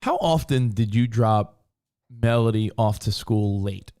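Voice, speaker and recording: A man co-hosting a talk show, chatting casually and acting out quotes in high voices. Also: a little slow. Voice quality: animated storyteller, acts out quotes in high voices. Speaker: radio show co-host. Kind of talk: casual banter.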